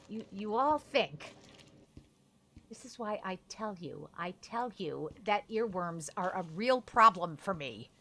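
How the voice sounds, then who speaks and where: A woman's voice: mid-range voice, lively intonation, slow pace, bright, forceful tone. A young woman streaming a game, rambling in a chatty, self-deprecating way as she plays. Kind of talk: casual gameplay commentary.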